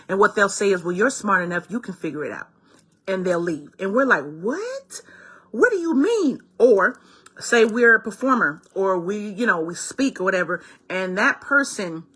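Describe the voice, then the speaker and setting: Bright husky-voiced woman, impassioned. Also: medium pitch. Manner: heartfelt, exclamatory, speaks directly to listeners as "baby" and "my loves". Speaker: spiritual guide. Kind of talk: spiritual card reading talk.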